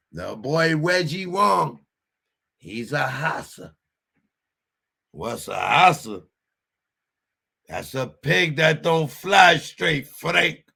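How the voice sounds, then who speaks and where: A man's voice: medium pitch, gravelly, sharp tone, slightly rough, voice pushed up, full character voice. A man putting on the voice of a tough Italian-American mobster, wheedling and drawing out a name. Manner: wheedling gangster talk, drawn-out name calling.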